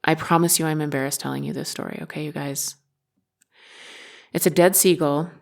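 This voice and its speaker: Podcast host, a woman with a gravelly voice, telling a story candidly and with self-deprecating humor. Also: low voice, steady tone, fairly quick. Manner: candid, self-mocking, swears freely. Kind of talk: personal storytelling monologue.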